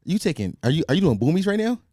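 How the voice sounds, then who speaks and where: A man's voice: fairly high pitch, very animated, very fast, background noise. A man hosting a podcast, chatting casually and teasing his guest with jokes, with a slight stutter he admits to. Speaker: podcast host. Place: Philadelphia.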